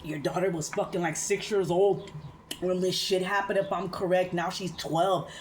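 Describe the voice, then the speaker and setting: A woman's voice: lowish voice, steady tone, slight background noise. A woman vlogger giving heated, profane reaction commentary, sipping a drink as she talks. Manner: profane, fast-rising ranting; drinking beer while talking.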